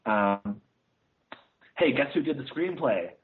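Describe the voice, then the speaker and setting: Over a tinny, phone-like line, a podcast co-host reviews films in casual chat, rambling and tearing into a movie with plenty of "uh" and "like." He speaks slowly and expressively in a mid-range voice.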